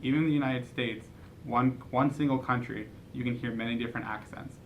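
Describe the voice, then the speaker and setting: A man reads a school project aloud in a plain, earnest voice, now and then stumbling and restarting. His voice sits at an ordinary pitch, with a faint low rumble behind it. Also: fairly even intonation, a little fast, fairly bright tone, rough recording. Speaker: student presenter.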